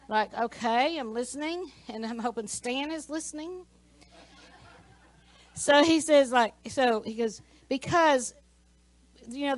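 A woman's voice: sits high, no echo, poor audio. A woman teaching a Sunday school class, telling a personal story in a conversational way with many asides. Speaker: church teacher.

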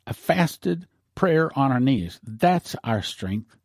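A man's voice: mid-range voice, big pitch swings, slow pace, vocal fry, darkish tone, no room sound, studio quality. A male pastor preaching on prophecy in a fervent, emphatic broadcast style.

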